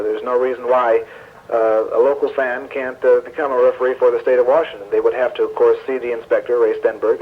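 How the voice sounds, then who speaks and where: A man interviewed as a wrestling promoter, speaking in a measured, businesslike way with frequent hesitations. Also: mid-range voice. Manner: measured, businesslike, with many uhs. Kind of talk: radio interview. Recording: tinny 1970s radio broadcast.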